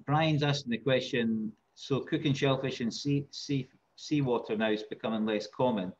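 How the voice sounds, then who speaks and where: Male chef moderator, relaxed and halting, dull call audio. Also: medium pitch. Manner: relaxed, hesitant, relays viewer questions. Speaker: chef moderating audience questions. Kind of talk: casual chat on a video call. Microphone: video call.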